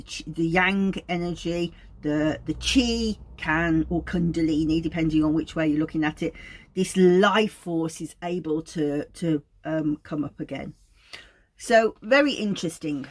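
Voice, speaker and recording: A woman, an aromatherapist, giving an informal teaching talk in a meandering, anecdotal way. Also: on the low side.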